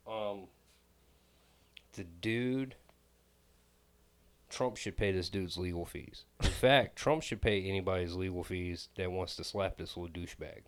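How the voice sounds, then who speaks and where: A man's voice: low-pitched, measured pace, pauses often. A man hosting a casual chat, wisecracking and mocking as he tells the news.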